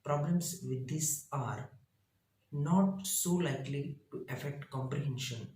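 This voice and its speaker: A man, a teacher reading his lesson out slowly in short, halting phrases. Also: on the high side, darkish tone, echoey room, poor audio. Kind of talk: reading lesson slides aloud.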